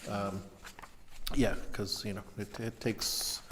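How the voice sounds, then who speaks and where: A man's voice: fairly low pitch, flat delivery, slow pace, fairly bright tone, a little hiss or hum. A man giving a friendly, rambling public comment at a town meeting. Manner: friendly, rambling, laughs easily. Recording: distant voice in a hall with people around.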